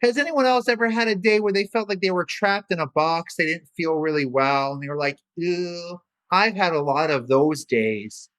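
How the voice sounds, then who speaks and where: A man's voice: sits high, fairly bright tone. A man leading a children's yoga storytime, playful and encouraging, with little sound effects along the way. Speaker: kids' yoga instructor.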